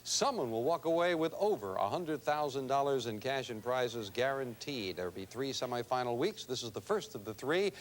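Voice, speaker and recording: A man's voice: medium pitch, expressive, moderate pace, hardly any pauses, a little hiss or hum. A man hosting a TV game show, chatting with contestants in upbeat studio banter. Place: TV studio with audience.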